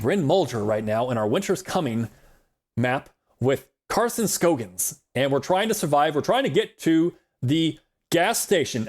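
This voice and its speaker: Man, game streamer, chatty rambler, giggly, lively swooping voice, slightly high. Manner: chatty rambler, calls himself a yapper; giggly, laughs often. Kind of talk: casual live gameplay commentary.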